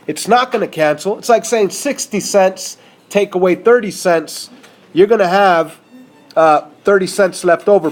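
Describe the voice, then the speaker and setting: A man's voice: sits high, moderate pace. A man teaching a math lesson over a whiteboard, talking casually and checking in with his students.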